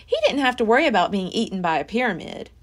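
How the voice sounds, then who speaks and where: A woman's voice: mid-range voice, lively intonation, quick pace. A woman library storyteller reading a children's chapter book aloud with expression. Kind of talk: children's read-aloud narration.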